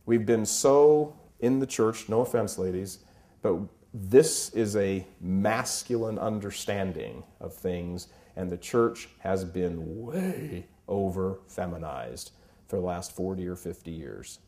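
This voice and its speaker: A man's voice: sits low, expressive, takes it slowly, dark tone. A man in his fifties giving an emphatic Catholic talk full of stories. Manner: emphatic, impassioned, storytelling. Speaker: Catholic speaker. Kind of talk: preaching talk with anecdotes.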